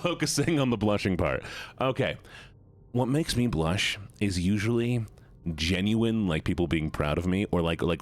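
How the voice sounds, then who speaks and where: Giggly low-voiced male streamer. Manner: giggly, rambling, often breaks into laughter; stumbles and restarts mid-sentence. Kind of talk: casual live-stream chat with viewers.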